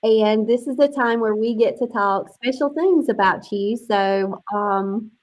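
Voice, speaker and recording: A woman's voice: on the high side, unhurried, rough recording. A woman hosting an online book launch on a video call, chatty and emotional, close to tears.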